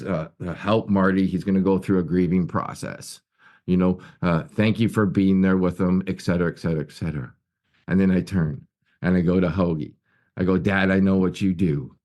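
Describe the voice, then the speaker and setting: A man's voice: low-pitched, a little mellow. A man giving an earnest personal recovery share at a meeting, telling stories with many restarts and repeated words. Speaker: guest speaker at a recovery meeting. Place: his office at work.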